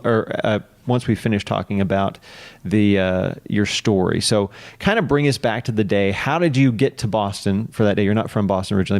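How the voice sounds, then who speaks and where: A man hosting a podcast interview, speaking in a friendly, halting way and often pausing to rephrase. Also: lowish voice, vocal fry, a little mellow. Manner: friendly, hesitant, many fillers and restarts. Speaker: podcast host.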